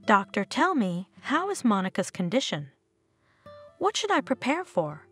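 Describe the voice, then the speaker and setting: A devoted mother, tender and reassuring toward her hurt daughter, as a woman storyteller puts her on. Her voice is husky, with a lively, swinging pitch. Soft music plays under the telling. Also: a little slow, heavily acted. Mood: caring. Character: loving, worried middle-aged mother. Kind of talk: storybook narration.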